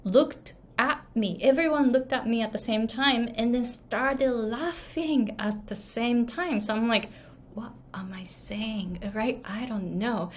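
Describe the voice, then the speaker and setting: An online business and pronunciation coach with a Japanese accent gives casual, story-style advice to the camera. Her voice is fairly high and a little slow, with hardly any pauses, and she chats with frequent fillers and tag questions; there's a little hiss or hum.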